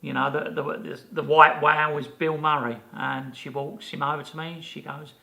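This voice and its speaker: His voice is gravelly and fairly high, delivered at normal speed. The man, a podcast co-host in his fifties, recounts a spirited anecdote in relaxed talk, impersonating the people he quotes.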